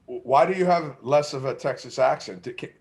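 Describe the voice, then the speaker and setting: A man hosting a live fishing show, chatting casually with loud, jokey, teasing banter. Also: medium pitch, normal speed. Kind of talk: casual live-stream chat.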